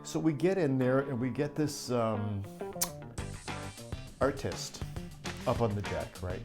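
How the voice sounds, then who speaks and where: A man's voice: mid-range voice, lively intonation, takes it slowly, over music. A middle-aged man who works as a live sound crew chief, telling a backstage story in a chatty, laughing way. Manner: chatty, laughing, acts out quotes. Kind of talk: storytelling anecdote.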